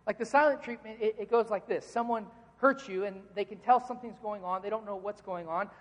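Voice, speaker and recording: A man's voice: high voice, a little fast. A man preaching a sermon in a conversational, joking way, often repeating words as he starts a phrase. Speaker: pastor. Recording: long reverb from a large hall.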